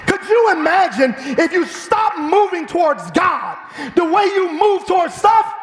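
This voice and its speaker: A man preaching a fiery sermon in a church, with an animated, shouting delivery. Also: very high-pitched, unhurried. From Chicago. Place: church sanctuary. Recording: echoey church hall.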